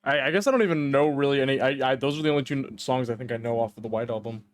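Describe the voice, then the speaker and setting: A man's voice: medium pitch, rapid-fire, no echo. A man co-hosting a podcast, chatting casually and swearing freely as he laughs through stories. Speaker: podcast co-host. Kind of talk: casual chat.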